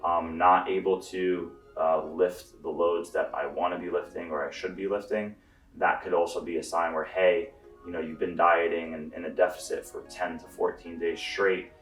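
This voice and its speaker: A man's voice: deep voice, normal speed, far from the mic. A young man giving a casual bodybuilding vlog update, explaining at ease with lots of fillers. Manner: relaxed, explanatory, with frequent fillers. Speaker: bodybuilder answering viewer questions. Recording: echoey room, voice from off the mic, faint music.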